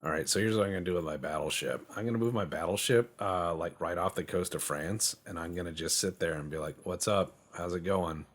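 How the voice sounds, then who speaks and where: A man's voice: low-pitched, fast, few pauses, husky. A man giving loose, joking commentary while playing a strategy game, rambling and swearing for laughs. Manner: rambling, joking, profane banter. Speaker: game streamer. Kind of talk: casual gameplay commentary.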